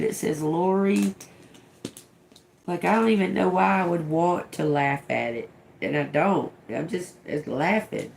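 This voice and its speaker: A middle-aged woman reads tarot live on a stream, her voice low, creaky and darkish, unhurried, with a little hiss or hum. Casual and profane, she mutters single words as they come to her and giggles a lot.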